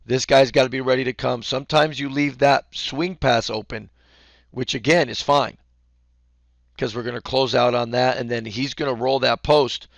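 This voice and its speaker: A man coaching basketball, explaining defense casually and acting out the calls he yells courtside. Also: mid-range voice, fairly even intonation, moderate pace, creaky, no echo, clean studio sound. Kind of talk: instructional talk.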